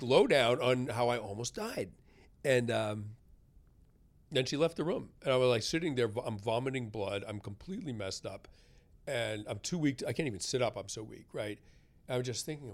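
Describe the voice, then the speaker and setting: A writer in an interview, telling a personal story with animated delivery and acted-out quotes. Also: male voice, medium pitch, moderate pace. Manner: animated, acts out quoted voices. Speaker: guest, writer.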